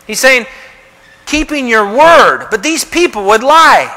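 A man's voice: very high voice, very animated, slow, sharp tone, big-room sound, low-quality recording. A man preaching a sermon, asking rhetorical questions and acting out the quotes he reads. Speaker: pastor.

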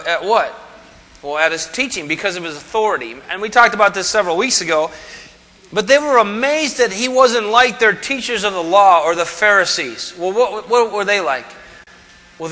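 A man's voice: high voice, sharp tone, long reverb tail. A man preaching a sermon as pastor, conversational and full of rhetorical questions.

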